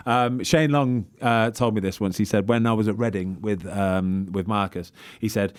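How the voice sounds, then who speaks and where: A man's voice: on the low side, steady tone, normal speed, smooth. A man hosting a podcast, telling stories in a chatty way and laughing often. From England. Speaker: podcast host. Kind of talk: casual podcast chat.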